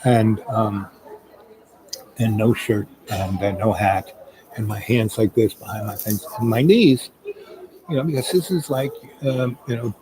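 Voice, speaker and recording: A man's voice: lowish voice, a little slow, poor audio. A middle-aged man telling a long anecdote in a loose, rambling way, full of fillers. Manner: rambling, full of "um" and "you know". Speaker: storyteller. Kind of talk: casual spoken anecdote. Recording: crowd chatter in the background.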